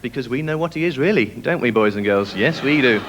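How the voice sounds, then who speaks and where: A man doing a quick-fire stand-up routine with jokes. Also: mid-range voice, animated, highs cut off, background noise. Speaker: stand-up comedian.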